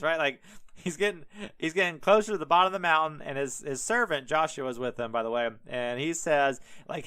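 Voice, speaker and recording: A man's voice: on the high side, brisk, clear, resonant tone. A man hosting a podcast who retells scripture in a casual, irreverent, profane way, full of "like" and asides. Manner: animated, irreverent, profane, many fillers. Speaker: podcast host. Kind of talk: casual comedic Bible retelling.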